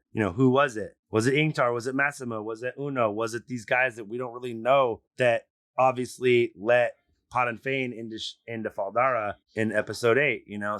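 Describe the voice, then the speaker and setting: Excitable swearing man, dry close mic. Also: mid-range voice, no echo. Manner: animated, swears freely, trails off with fillers. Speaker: podcast co-host. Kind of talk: casual chat.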